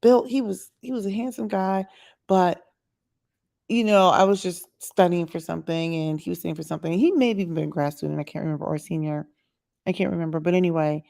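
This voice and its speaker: A woman telling a story on her vlog in a chatty, animated way, quoting the people she met. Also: fairly low pitch, vocal fry. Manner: chatty, animated retelling with quoted asides. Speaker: vlogger. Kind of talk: casual storytelling monologue.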